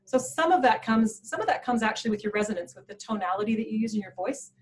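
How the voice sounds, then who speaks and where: A woman presenting a professional development workshop in an animated, playful way, laughing often. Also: a little high, quick pace, poor audio. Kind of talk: workshop talk.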